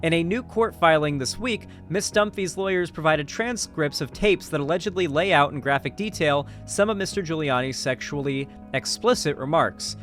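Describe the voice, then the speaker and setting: Faint music plays behind a man whose slightly high voice sounds fairly bright as he reads the news at a moderate pace with few pauses. A political commentary YouTuber, he cuts in with sarcastic asides, swears freely, and trails off mid-sentence.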